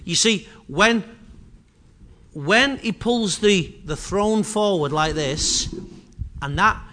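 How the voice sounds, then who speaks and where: A man's voice: high-pitched, animated, slow pace, pauses often, pushed and bright. A man preaching a sermon with impassioned, repetitive delivery that swells and drops in intensity.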